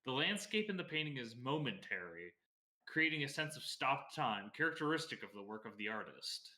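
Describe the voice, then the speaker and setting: A man's voice: mid-range voice, normal speed, roomy sound. A man co-hosting a casual art history chat, reading passages aloud and stumbling over words. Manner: relaxed, laughs easily, stumbles on words.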